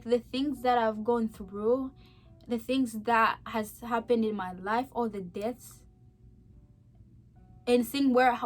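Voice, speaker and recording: A young woman giving an earnest personal faith testimony, heartfelt and emotional, talking in a chatty way with many fillers and swinging from soft to emphatic. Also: a little high. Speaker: vlogger sharing a faith testimony.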